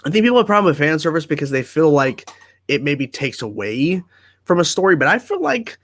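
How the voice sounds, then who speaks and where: A man's voice: a little high, very animated, fairly quick, fairly bright tone, no echo. A man hosting a casual livestream from home, chatting easily and reading viewer comments aloud before answering them. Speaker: livestream host.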